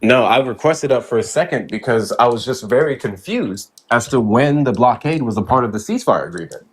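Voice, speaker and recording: A man's voice: mid-range voice, lively intonation, a little fast, slightly rough. Casual man calling into a stream. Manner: casual, puzzled questioning.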